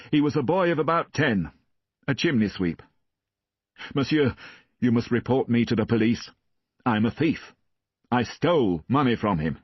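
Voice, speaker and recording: Guy playing a rough old ex-con, short harsh words, storybook voice, slightly dull sound. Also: mid-range voice, no room sound, pitched above the performer's own voice. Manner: curt and harsh, later urgent. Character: gruff hardened ex-convict man, remorseful.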